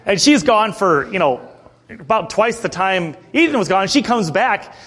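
A middle-aged male pastor with a high voice, preaching in a relaxed, chatty way. He tells stories loosely and keeps clearing his throat between thoughts. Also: a little slow. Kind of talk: sermon.

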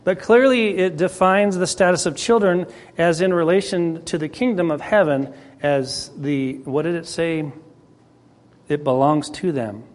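A man teaching a Bible class in a conversational way, clearing his throat often as he starts to lose his voice. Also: a little high, a little slow. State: losing his voice.

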